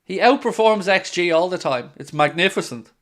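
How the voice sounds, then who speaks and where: An Irish man hosting a live football watchalong, reacting excitedly and calling the play as it happens. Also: high-pitched, moderate pace. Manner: excitable, jumps into play-by-play shouts. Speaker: watchalong host. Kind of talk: live match reaction commentary.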